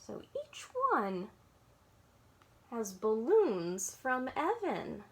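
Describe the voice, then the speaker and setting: Sing-song children's librarian reading aloud. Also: female voice, a little high, very animated, very slow. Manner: sing-song, asks the young listeners questions. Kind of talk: picture-book read-aloud for children.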